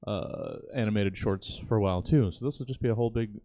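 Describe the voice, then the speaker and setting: A man's voice: lowish voice, quick pace, mellow, dry recording. A man co-hosting a livestream, rambling through show ideas with lots of fillers and the odd curse. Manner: rambling, swears casually, frequent fillers. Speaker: comedy theater co-host. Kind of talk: casual planning chat on a livestream.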